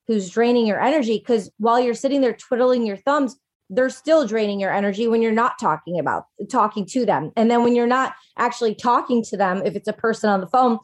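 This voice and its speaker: A woman life coach talking casually in a podcast conversation, animated and full of "like", acting out little quotes. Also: a little high. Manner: chatty, animated, acts out quotes, fillers of "like".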